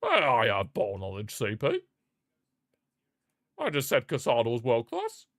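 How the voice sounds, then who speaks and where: A man hosting a live football watchalong, chatting excitedly, reacting to the match and answering viewer comments. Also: medium pitch, unhurried, dry recording, studio quality. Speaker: watchalong host.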